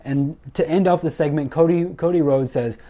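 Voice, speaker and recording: A young man excitedly recapping a wrestling show, gushing and repeating himself as he goes. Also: a little high, moderate pace. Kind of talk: enthusiastic recap commentary.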